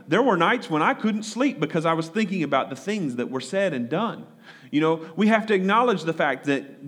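A man's voice: high voice, a bit bright. A man preaching a conversational sermon, often repeating words and asking the congregation questions. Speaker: pastor.

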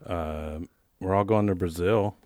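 A man's voice: sits low, measured pace, a little mellow, dry recording. A man co-hosting a casual podcast, laid-back, chiming in with short remarks and dry jokes. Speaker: podcast co-host. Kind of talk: casual chat.

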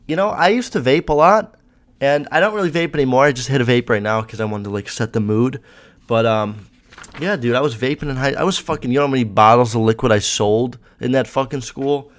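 A man's voice: mid-range voice, brisk. Profane rambling young man. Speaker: podcast host. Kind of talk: casual chat.

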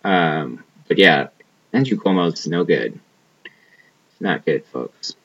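A man's voice: rumbling low, lively intonation, slow pace, a bit bright, slightly rough, lo-fi sound. A young man chatting casually as a podcast co-host, rambling and profane, trailing off with a lot of "like". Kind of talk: casual chat.

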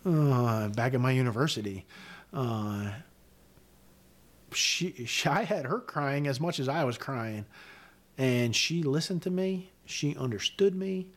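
A middle-aged man, a retired senior army sergeant, telling his story in an interview in a blunt, profane, animated way, acting out what people said. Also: medium pitch, a little slow. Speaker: guest, retired command sergeant major.

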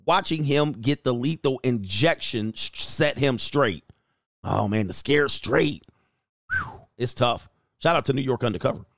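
A man's voice: medium pitch, animated, measured pace, creaky, no echo, clean studio sound. A man hosting a show, chatting casually as he reads viewer comments aloud, exclaiming and laughing often. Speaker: host and coach.

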